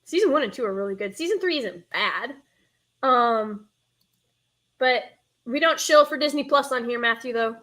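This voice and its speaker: A young woman with a Northern US accent chats on her live stream in a fairly high voice. She rambles and stops herself mid-sentence, talking casually straight to her viewers. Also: expressive, normal speed, long pauses, fairly bright tone. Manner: rambling, chatty, reads chat aloud, self-interrupting. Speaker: streamer hosting a nostalgia show.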